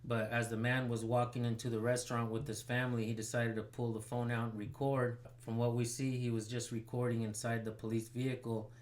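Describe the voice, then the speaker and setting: A man's voice: mid-range voice, level tone, brisk, hardly any pauses. A man hosting a citizen journalism channel, commenting casually and pressing a sheriff's station by phone. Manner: casual, rambling, filler-heavy.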